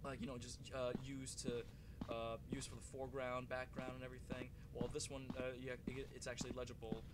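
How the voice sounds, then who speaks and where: A young man hosting a gaming channel, giving rambling let's play commentary full of fillers and breaking into yelps and swears when the game startles him. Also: mid-range voice. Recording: audible clicking and background noise.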